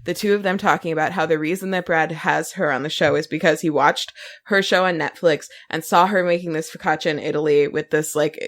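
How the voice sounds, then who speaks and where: A woman's voice: sits low, steady tone, brisk. A woman co-hosting a podcast, gushing and giggling as she chats casually. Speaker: podcast co-host. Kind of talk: casual chat.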